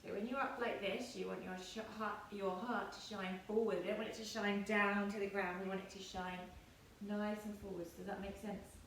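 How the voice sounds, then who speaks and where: A woman in her thirties teaching yoga to children, giving gentle, playful, encouraging instructions. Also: medium pitch, steady tone, moderate pace. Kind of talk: guiding a kids' yoga class. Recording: echoey room, distant mic, faint noise.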